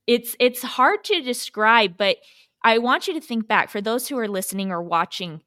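A woman's voice: medium pitch, a bit bright, clean tone. A woman co-hosting a podcast, telling stories in an earnest, motivational way. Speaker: podcast co-host. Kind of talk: casual chat.

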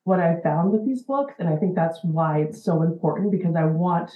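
A woman's voice: lowish voice, lively intonation, moderate pace. A woman in her forties, a special-needs educator, explaining earnestly in an interview with frequent fillers. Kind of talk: interview answers. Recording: tinny phone-like line in an echoey room.

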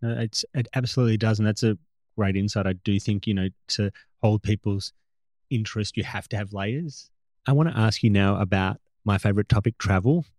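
A man's voice: on the low side, brisk, darkish tone, no room sound. A man hosting an interview who affirms his guest and asks questions in a casual, conversational way with some fillers. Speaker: interview host.

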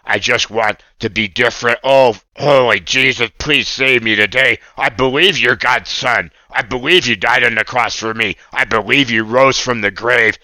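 A man voicing an excitable, earnest young male puppet friend on a radio show, gushing and eager to jump in. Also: mid-range voice, normal speed, few pauses, dry recording. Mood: fervent. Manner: gushing, eager, keeps jumping in. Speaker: puppet co-host.

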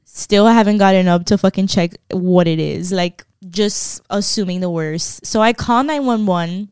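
Young woman, casual storytime, swears a lot, acts out quoted voices, smooth voice, dry close sound. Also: medium pitch, unhurried, darkish tone, no echo.

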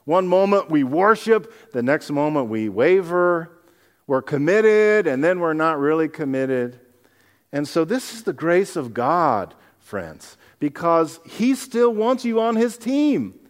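A man, a pastor, preaching a sermon, animated and acting out scenes from the Bible in other people's voices. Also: on the high side, slow, big-room sound.

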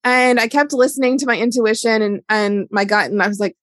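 With a slightly high voice, a fairly quick pace, and few pauses, a middle-aged woman talks in a recording with no room sound. A wellness educator and business owner, she gives a candid, chatty solo monologue heavy with "like."

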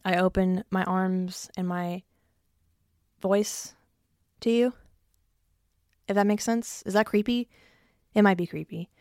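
A woman's voice: medium pitch, fairly even intonation, slow, pauses often, a little mellow, no echo, studio quality. A young adult woman hosting her own podcast from her basement, chatty and self-mocking, swearing freely and short of breath. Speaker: podcast host. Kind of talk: casual solo podcast chat. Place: home basement.

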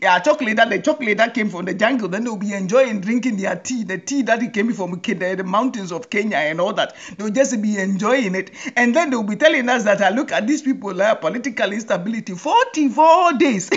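A woman's voice: mid-range voice, a little fast, few pauses, muffled recording. A woman hosting a humorous monologue, often laughing and repeating phrases for comic effect in a mock-rallying address. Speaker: host.

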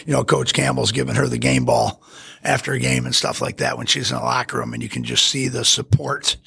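A man who coached high school football, chatting on a podcast in an excitable, rambling way with many restarts. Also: fairly quick, vocal fry, slightly rough. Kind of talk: casual podcast chat.

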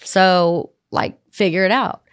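A woman's voice: on the low side, takes it slowly, clear, resonant tone, dry recording, studio quality. A woman from Tennessee, speaking frankly and casually as a podcast guest. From Tennessee, USA. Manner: frank, casual, sprinkles in mild swearing. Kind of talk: candid conversational interview.

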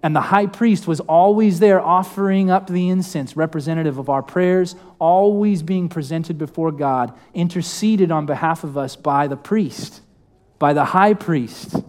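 A man's voice: on the high side, measured pace, darkish tone. A young man preaching a sermon in a church, speaking casually and asking the congregation questions. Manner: conversational, asks the congregation questions. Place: church hall.

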